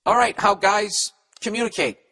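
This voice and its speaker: A man's voice: high voice, normal speed, sharp tone, breathy edge. A man hosting a comedy podcast, answering listener letters in a blunt, profane, rambling rant and stumbling while he reads them aloud. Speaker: podcast host giving advice. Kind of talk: casual comedic advice rant.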